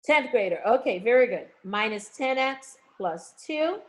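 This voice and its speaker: Upbeat woman math teacher, higher voice. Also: animated, measured pace. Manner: encouraging, calls students pet names; frequent check-ins like okay and all right. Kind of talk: live online review lesson.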